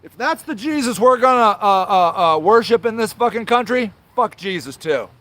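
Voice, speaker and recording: High-voiced man on a profane rant. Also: lively intonation, normal speed, a bit bright, no room sound. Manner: angry, profane, swears constantly; apologizes then rants on, trailing filler sounds. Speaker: show host. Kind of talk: livestream rant to viewers.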